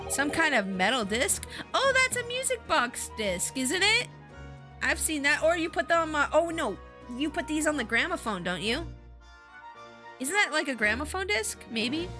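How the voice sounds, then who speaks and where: A woman streaming a game, chatting in an excitable, self-deprecating way. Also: high-pitched, a little slow, over music. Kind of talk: live gameplay stream chat.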